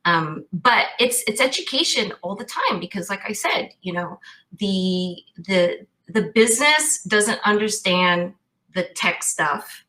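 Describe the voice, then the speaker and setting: A woman's voice: medium pitch, animated, unhurried, bright, forceful tone, rough recording. A woman talking as a cyber risk expert guest, thoughtful and full of restarts. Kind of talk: casual interview talk.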